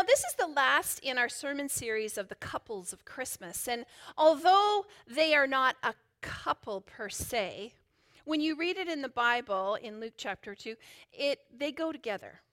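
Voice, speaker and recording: A woman's voice: high-pitched, fairly bright tone. A woman pastor preaching a sermon in a chatty, playful way, joking and laughing easily with the congregation.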